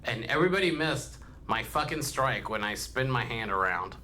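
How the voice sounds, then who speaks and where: A man hosting a casual podcast, loud and excitable, swearing freely. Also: medium pitch, moderate pace, a little hiss or hum. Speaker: podcast host.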